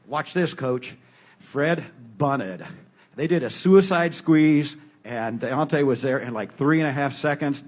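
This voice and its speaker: A man coaching and refereeing a recreational kickball league, telling game stories in a casual podcast chat. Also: medium pitch. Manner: storytelling, animated retelling.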